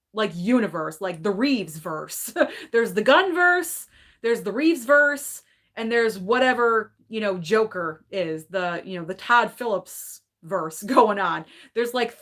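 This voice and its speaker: On her casual movie channel stream, a medium-pitched woman reads viewers' comments from the live chat and shares her opinions, hedging constantly with "like" and "I don't know." Her manner is animated and opinionated, with quick bursts of laughter.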